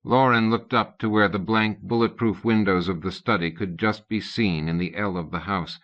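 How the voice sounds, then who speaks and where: A man reads audiobook narration from a script with a calm, even cadence, using a higher pitch for characters' dialogue. The recording is a dull, lo-fi cassette.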